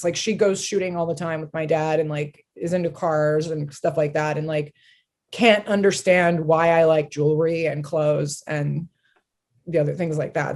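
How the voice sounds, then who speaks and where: A woman speaking as a podcast guest in a casual interview chat, animated and blunt, swearing freely. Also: low voice.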